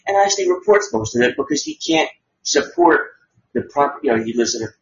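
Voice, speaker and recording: A man's voice: high-pitched, wildly swooping pitch, a little fast, gravelly, a little hiss or hum. A man hosting a podcast, talking in a rambling, sarcastic way and swearing freely. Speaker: podcast host. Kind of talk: casual crude chat. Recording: dull lo-fi audio.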